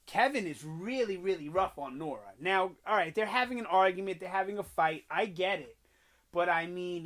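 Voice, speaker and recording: A man talks through a TV episode in a loose, rambling review, full of fillers and restarts as he retells the scenes. His voice sits fairly high for a man. He is recorded on a home microphone. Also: fairly bright tone. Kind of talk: casual spoken review. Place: home room with an echo he notices.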